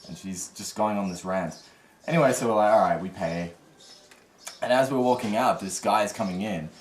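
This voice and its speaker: In a lowish voice and at a slightly fast clip, a travel vlogger spins a casual tale of a travel mishap, acting out the quotes with energy. The room sounds echoey, with a little noise.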